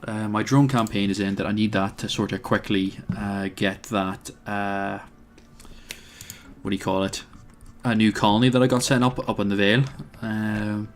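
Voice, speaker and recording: A man's voice: lowish voice, steady tone, normal speed, soft background music. A man commentating his own strategy game, thinking aloud with plenty of hesitations and wry asides. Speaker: let's play host.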